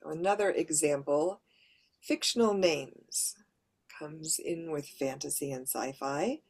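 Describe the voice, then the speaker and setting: Low-voiced woman giving a workshop talk. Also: slow, darkish tone. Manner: practical, explains with read-out examples, light laughs. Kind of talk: workshop presentation.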